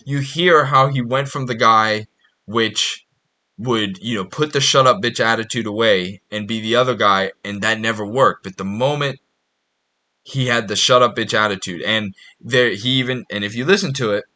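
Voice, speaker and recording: A man's voice: on the low side, moderate pace, bright, forceful tone. A man hosting his own podcast, talking in a blunt, profane, rambling monologue with frequent restarts. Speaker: podcast host. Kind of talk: casual monologue.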